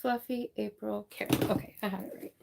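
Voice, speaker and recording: A woman hosting a crafting livestream, chatting casually, reading viewer names and thanking them warmly. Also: medium pitch, steady tone, creaky, heavy background noise. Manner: warm, chatty, apologetic, reading out names slowly.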